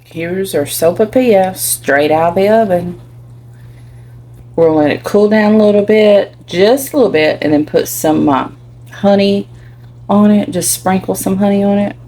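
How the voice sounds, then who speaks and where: An older woman with a Kentucky accent talks through her recipe in a low, easy voice. She chats in a homey way and explains each step of her home cooking as she goes. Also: mellow, slight background noise, rough recording. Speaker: cooking channel host. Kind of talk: casual home cooking vlog.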